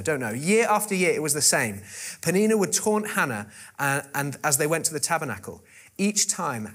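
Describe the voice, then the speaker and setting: A man's voice: fairly high pitch, fairly bright tone, slightly rough. A man preaching a sermon, retelling a scripture story with wry joking asides and frequent fillers and restarts.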